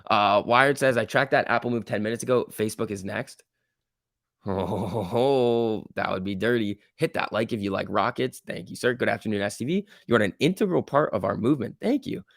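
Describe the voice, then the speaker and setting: Man, livestream trading host, casual excited chatter, gravelly, dry close sound. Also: lowish voice, normal speed, no room sound. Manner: excitable, exclaiming at price moves, reading chat aloud. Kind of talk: casual live trading commentary.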